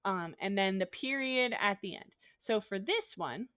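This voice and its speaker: A woman's voice: medium pitch, lively intonation, unhurried, a bit bright, dry recording. A woman teacher giving a recorded grammar lesson, explaining punctuation patiently step by step.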